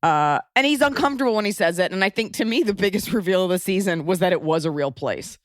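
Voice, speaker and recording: A woman's voice: lowish voice, expressive, fast talker, dry recording, studio quality. Chatty woman hosting a podcast. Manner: playful, gushing, chatty. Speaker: podcast host. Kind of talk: casual interview chat.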